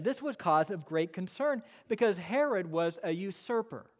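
Pastor preaching in a reverberant church. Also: male voice, sits high, animated. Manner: emphatic, swings between quick asides and slow stressed phrases. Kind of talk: sermon. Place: church sanctuary. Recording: long reverb of a church hall.

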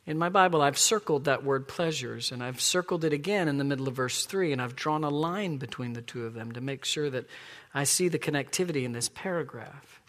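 Man, middle-aged, pastor, sermon, earnest and emphatic, slightly high voice, long hall reverb. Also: brisk. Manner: earnest, emphatic preaching, dropping to soft asides. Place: church sanctuary.

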